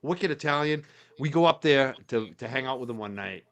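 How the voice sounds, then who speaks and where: A man from Massachusetts chats casually as a guest and reminisces in a relaxed way. His voice sits at a middle pitch. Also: fairly quick. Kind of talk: casual chat.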